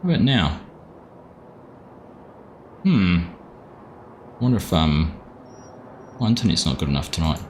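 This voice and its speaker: Chatty New Zealand man, low voice. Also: big pitch swings, unhurried, pauses often, slight background noise. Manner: chatty, greets viewers by name. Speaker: game streamer. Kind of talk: casual live-stream chat. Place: home room.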